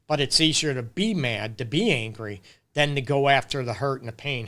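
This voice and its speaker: Bright-voiced earnest male counselor. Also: mid-range voice, normal speed. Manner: earnest, conversational, keeps asking "you get me?"; lists points with repetition and emphasis. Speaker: relationship counselor hosting a live Q&A. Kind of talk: live-stream advice talk.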